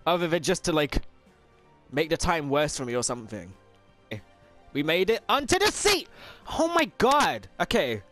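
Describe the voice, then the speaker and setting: A young man giving let's play commentary, frustrated and swearing, yelling at the game. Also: a little high. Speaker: gameplay commentator.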